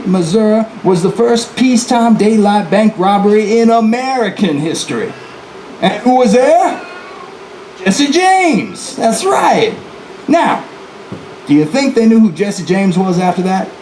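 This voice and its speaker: A man's voice: high-pitched, animated, unhurried, a little mellow, roomy sound, slight background noise, poor audio. Jesse James, a man playing a boastful outlaw. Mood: folksy boastful. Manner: folksy, chatty asides to the audience. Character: boastful defiant male outlaw bank robber. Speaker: historical reenactor. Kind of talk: first-person historical storytelling performance. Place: live presentation venue, indoors.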